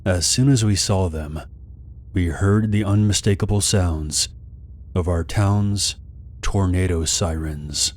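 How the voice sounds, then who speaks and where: A man narrates a horror story slowly in a deep, low, steady voice, calm like a scary story channel reader. A little hiss or hum sits under the recording.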